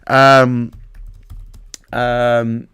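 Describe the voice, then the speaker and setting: A man's voice: medium pitch, little pitch movement, drawn-out words, a bit bright, clear, resonant tone. A man hosting a livestream and talking through a casual, rambling, profane rant with frequent restarts. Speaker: livestream host. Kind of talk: casual ranting monologue.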